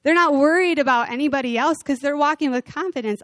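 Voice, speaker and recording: A woman delivers a sermon in a conversational, animated storytelling manner, her voice sitting a bit high. The recording is dry and close, with no room echo. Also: fast. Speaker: preacher.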